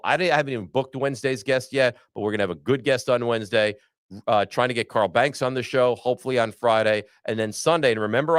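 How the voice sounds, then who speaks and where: A man's voice: medium pitch, fairly bright tone, dry recording. Guy hosting a sports show, fed up and blunt, dry close mic. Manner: frustrated, blunt sports rant. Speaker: podcast host. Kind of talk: sports talk.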